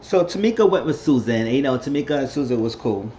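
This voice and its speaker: A man's voice: mid-range voice, lively intonation, fast, dark tone, slight background noise. A man hosting a casual recap vlog, retelling a reality show episode in a rambling way and acting out what people said. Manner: rambling storyteller, acts out quotes. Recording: slightly dull lo-fi audio.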